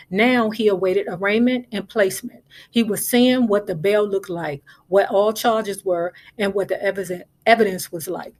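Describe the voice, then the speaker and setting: A woman retelling a novel in a casual storytelling recap, chatty, with sassy asides to the listener. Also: mid-range voice. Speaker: book recap host.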